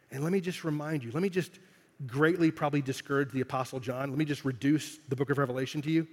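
Casual preacher in a reverberant hall. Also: male voice, mid-range voice, fast talker, a little mellow, slightly rough. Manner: conversational preaching, emphatic swells on key phrases. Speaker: pastor. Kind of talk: sermon. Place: church hall. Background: congregation in the room.

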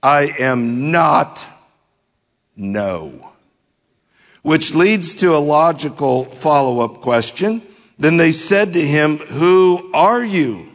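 A man delivers a sermon at an unhurried, measured pace, walking through scripture verse by verse. His voice sits a little high, and he sinks low and quiet at the close of phrases. The sound rings with the long reverb of a large hall. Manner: slow, deliberate verse-by-verse teaching, dropping low at phrase ends. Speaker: pastor. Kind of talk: expository sermon.

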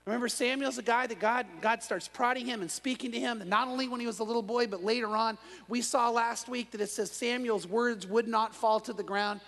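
A man preaching an evening sermon as pastor, telling stories in an animated way with frequent restarts. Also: extremely high pitch. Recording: long reverb of a large room.

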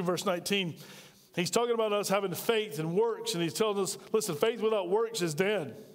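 A man's voice: high voice, in a large hall. A male pastor preaching a sermon, firing off emphatic rhetorical questions.

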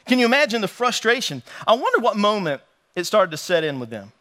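Lively, bright-voiced man preaching a sermon. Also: high-pitched. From North Carolina. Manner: animated, joking, reads scripture slowly, acts out quoted taunts. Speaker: pastor.

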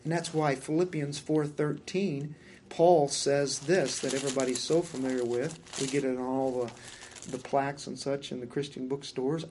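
A man's voice: mid-range voice, fairly even intonation, moderate pace, a little mellow, husky. A man preaching a verse-by-verse sermon in a conversational way, with many fillers and repeated words.

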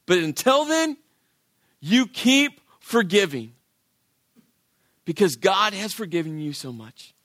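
A male pastor preaching a sermon in an animated way, acting out the voices of biblical characters. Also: sits high, slow pace, long pauses, no room sound, studio quality.

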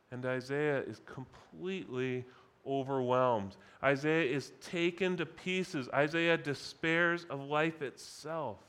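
A man preaching a sermon at a conference, deliberate and emphatic, repeating key phrases for weight. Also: fairly high pitch, fairly bright tone. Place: conference session.

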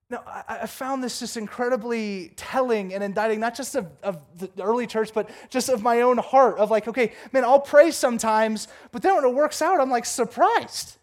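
A man preaching a sermon, reading scripture and then retelling it with jokes and lively asides. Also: moderate pace, few pauses. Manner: animated, jokey storytelling with big pitch swings; reads scripture aloud, then riffs casually. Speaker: pastor.

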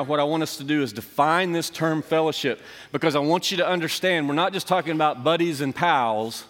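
His voice on the high side and fairly bright, the middle-aged pastor delivers a sermon in a church sanctuary, where the hall's long reverb fills the recording. He shares a personal story conversationally and pokes fun at himself.

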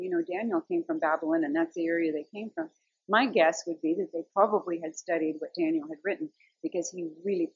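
A middle-aged woman speaks in a slightly low, gravelly and very husky voice. She tells stories in an earnest, conversational devotional talk. The recording is close and dry, with a somewhat dull sound. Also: no room sound. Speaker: Christian speaker.

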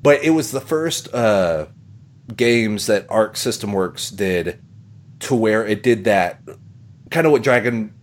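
A man's voice: fairly low pitch, expressive, slow pace. A man hosting a podcast, talking in a rambling casual way, with plenty of swearing, fillers and laughter. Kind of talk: casual chat.

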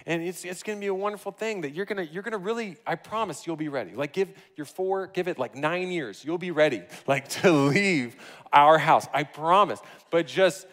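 A man in his thirties preaching a sermon, telling a family story in an animated, laughing storytelling manner. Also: high-pitched. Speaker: pastor. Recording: long hall reverb.

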